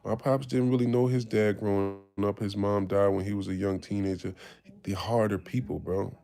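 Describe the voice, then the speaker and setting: A man's voice: on the low side, steady tone, moderate pace, gravelly, mellow. A man, telling his life story in casual talk, candid and profane, acting out the voices of people he quotes. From Harlem, New York. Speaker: podcast host.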